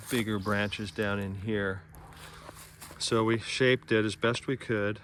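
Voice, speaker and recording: A man with a Californian accent talks through a garden demonstration outdoors in a relaxed, plain way. His voice sits a little low. Faint outdoor noise hums in the background. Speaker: nursery gardener.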